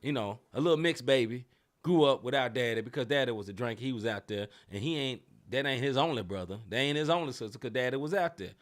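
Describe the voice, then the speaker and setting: A man's voice: mid-range voice, quick pace. Emphatic slangy podcast co-host man. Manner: animated, emphatic, slangy, repeats phrases. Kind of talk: casual sports talk.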